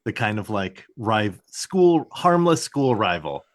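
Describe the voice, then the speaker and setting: A man's voice: lowish voice, sing-song, takes it slowly. A man co-hosting a podcast, recapping a TV episode in casual chat, rambling with lots of fillers and cussing. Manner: rambling, heavy "like" fillers, swearing, mock voices for characters. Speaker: podcast co-host.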